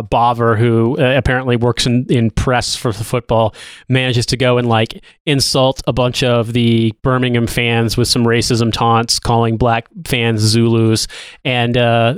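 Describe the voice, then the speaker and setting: A man's voice: medium pitch, smooth, no room sound. A man co-hosting a podcast in casual chat, rambling with restarts and frequent swearing. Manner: rambling, profane, with filler-heavy restarts. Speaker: podcast co-host.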